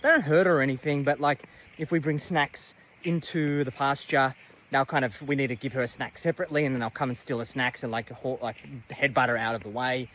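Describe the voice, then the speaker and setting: A man's voice: medium pitch, steady tone, brisk, fairly bright tone, slight background noise, low-quality recording. A man giving a casual, rambling tour of his animal sanctuary outdoors. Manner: chatty, rambling with many fillers. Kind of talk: casual walking tour vlog. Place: outdoors at a farm paddock.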